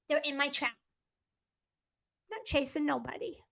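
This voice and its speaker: Emphatic bright-voiced woman coach. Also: high voice, slow, gravelly. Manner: emphatic, repetitive, acts out quoted clients. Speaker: business coach. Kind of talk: energetic masterclass teaching.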